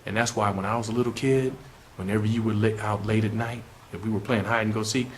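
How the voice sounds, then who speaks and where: A man from Compton telling a spooky tale aloud, dramatic and animated as he acts out each character. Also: fairly low pitch, fast talker, a little hiss or hum. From Compton, California. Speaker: storyteller. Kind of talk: oral storytelling of a spooky tale.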